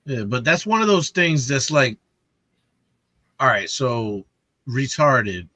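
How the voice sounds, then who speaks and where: A man's voice: medium pitch, very animated, slow pace, pushed and bright, no room sound. A man co-hosting a casual podcast, arguing his view with rhetorical questions and profanity. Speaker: podcast co-host. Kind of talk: casual chat over drinks.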